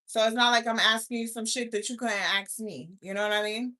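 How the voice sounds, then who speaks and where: A woman's voice: on the high side, fairly quick. A woman in her thirties talks straight to her livestream viewers. She is blunt and profane, and she rants with a lot of energy as she reacts to their comments. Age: 30s. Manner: blunt, profane, animated ranting. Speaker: livestream host. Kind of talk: casual livestream chat reading viewer comments.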